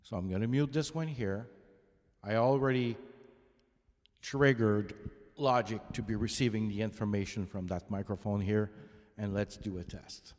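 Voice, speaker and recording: A man's voice: on the low side, steady tone, moderate pace, darkish tone. A man in his fifties who plays drums, chatting casually from his home studio while demonstrating vocal microphones, thinking aloud and correcting himself as he goes. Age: 50s. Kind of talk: casual gear demo talk to camera. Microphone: studio vocal microphone close up.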